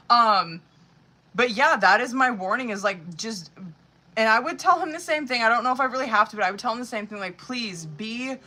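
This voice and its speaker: Woman reading tarot live, bright and forward voice, loose, foul-mouthed, talkative. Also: medium pitch. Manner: profane, chatty, full of "like" and "you know what I mean". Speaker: tarot reader. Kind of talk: live-streamed tarot reading, casual chat.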